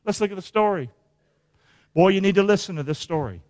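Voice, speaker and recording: A preacher with a notably high-pitched voice delivers an animated sermon. He keeps calling on the congregation to answer him back. His voice carries a long reverb from the church hall. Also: brisk. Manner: animated, call-and-response with the congregation.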